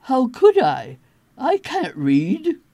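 A woman's voice: high voice, huge pitch swings, very slow, dark tone, voice pushed up, full character voice. A woman voicing a bossy, insistent kangaroo lady.

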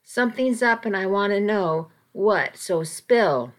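A woman voicing a caring, firm middle-aged aunt in an audiobook, gentle but stern and pleading. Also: mid-range voice, animated, unhurried, natural voice. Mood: concerned, stern. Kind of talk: audiobook reading.

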